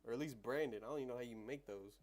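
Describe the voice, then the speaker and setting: A man's voice: mid-range voice, very fast, darkish tone, soft background music. Laid-back slangy young man. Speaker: livestream trading host. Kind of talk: casual livestream commentary.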